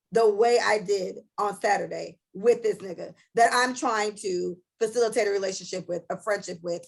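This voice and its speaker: A woman's voice: medium pitch, vocal fry, husky, poor audio. A young woman co-hosting a casual podcast, telling a story bluntly and profanely and acting out both sides of an argument. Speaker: podcast co-host.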